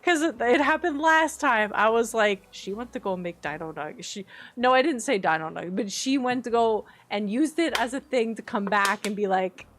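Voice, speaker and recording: A young woman streaming a cozy life-sim game, chatting casually with viewers, giggling often and breaking into excited squeals. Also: medium pitch, normal speed, a little hiss or hum. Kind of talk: casual live-stream chat over gameplay.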